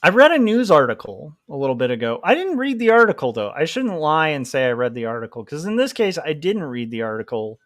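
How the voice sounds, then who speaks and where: A man's voice: mid-range voice, sing-song, fairly quick, hardly any pauses, dry recording, studio quality. A man hosting a casual livestream while drawing, rambling and joking at his own expense. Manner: joking, rambling, self-mocking. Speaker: livestream host, comic artist.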